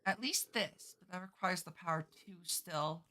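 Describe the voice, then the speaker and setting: A woman's voice: lowish voice, moderate pace, pushed and bright. A woman streaming a game, muttering to herself as she plans her build and swearing casually while she chats. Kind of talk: casual gameplay commentary.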